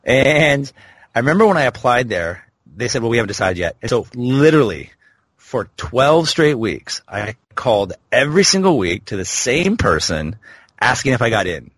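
A man's voice: medium pitch, a bit bright, no room sound. Candid man in his thirties telling his story. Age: 30s. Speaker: guest. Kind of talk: storytelling interview.

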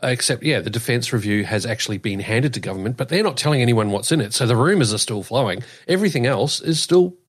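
A man's voice: mid-range voice, expressive, quick pace, few pauses, breathy edge. A man from New Zealand with an Australian accent, a podcast co-host speaking in a wry, matter-of-fact way. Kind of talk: casual banter.

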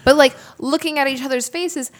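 A woman with a fairly high voice hosts a relaxed podcast conversation. She rambles through her thoughts and fills her sentences with "like" and other fillers. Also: brisk. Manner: rambling, filler-heavy, frequent "like". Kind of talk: casual chat.

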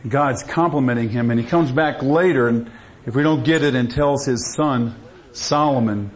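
A man's voice: medium pitch, normal speed. A middle-aged man with a Southern Louisiana accent, a conference speaker giving a folksy talk, telling stories in a drawling, easygoing way. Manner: folksy storyteller, drawling asides. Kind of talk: folksy talk with a joke opener.

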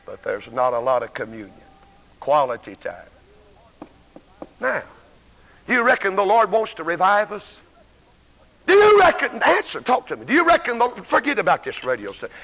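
High, bright and forceful, this Southern American evangelist's voice fills a church sanctuary during an emphatic revival sermon. He stammers on restarts and calls out to the congregation, captured live with long reverb.

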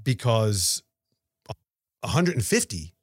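A man's voice: on the low side, slow pace, slightly rough, no echo, studio quality. A man co-hosting a podcast, chatting casually about markets with rambling restarts and repeated words. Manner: rambling, stammering restarts, animated. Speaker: podcast co-host.

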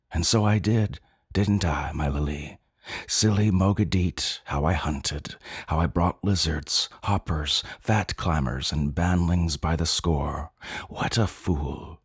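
A man giving intense, brooding narration of a story, slow and deliberate. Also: sits low, breathy edge, dry recording, studio quality. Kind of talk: dramatic audiobook narration.

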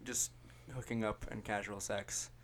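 A man with a somewhat low voice chats loosely as a podcast guest, wandering through jokey, self-mocking stories. Faint noise hums along underneath his talk. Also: fairly even intonation, a little slow, a bit bright. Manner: rambling, jokey, self-deprecating. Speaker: musician guest. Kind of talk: casual podcast chat.

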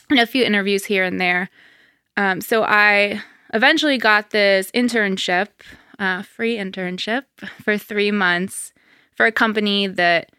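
A woman's voice: fairly low pitch, sharp tone, clean tone, dry recording, studio quality. A woman, a wedding planner telling her story as a podcast guest, chatty and full of "um" and "like". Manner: chatty, many fillers like um and like. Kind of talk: casual interview.

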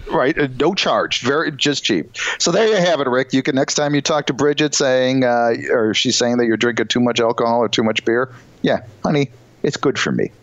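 A man co-hosting a podcast, reading news items and cracking quick puns with many fillers. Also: medium pitch, fairly even intonation, fairly bright tone, dry recording, dull audio. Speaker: podcast co-host. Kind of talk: casual comedic chat.

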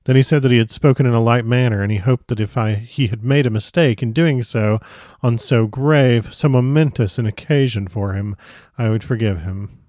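A man reading a classic novel aloud in a gentle, expressive storytelling manner. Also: medium pitch, moderate pace. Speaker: audiobook reader.

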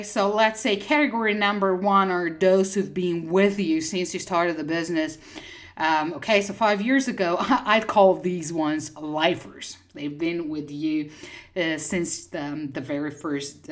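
A woman's voice: fairly low pitch, a bit bright. A woman coaching a listener on growing a business, emphatic and often checking in with "okay?". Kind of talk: advice to a listener.

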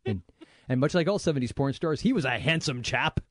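Jokey Southern man, lively pitch. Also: a little fast, no echo, clean studio sound. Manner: jokey, laughs often, rambling. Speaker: podcast co-host. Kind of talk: casual chat.

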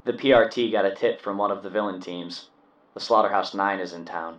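A man voicing a calm, quiet woman advisor who speaks over a speaker, in a low, even briefing manner. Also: a little fast. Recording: dull, roomy sound from a distance.

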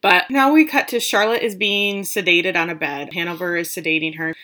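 A woman's voice: on the low side, moderate pace, sharp tone. A woman co-hosting a podcast, chatting through a scene recap with asides. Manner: chatty, thinking aloud with asides. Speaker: podcast co-host. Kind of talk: casual recap chat.

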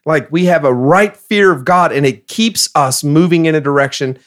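Emphatic pastor, a man with a slightly higher voice. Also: moderate pace. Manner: emphatic, reads scripture passages aloud. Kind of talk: casual podcast discussion.

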